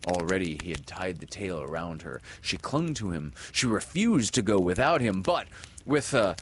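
A man reading a children's story aloud in a dramatic way, swinging from loud calls to soft whispers. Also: sits low, very animated, moderate pace, a little hiss or hum.

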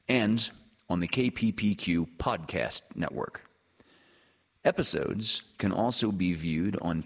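A man reading a classic children's story aloud in a slow, hushed, dramatic manner, then thanking listeners. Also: low voice.

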